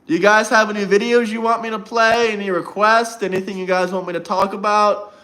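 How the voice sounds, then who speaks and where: Bantering with his chat, a male livestream host mocks and taunts the people watching his casual stream. His voice sits high and level, sharp in tone and fairly quick.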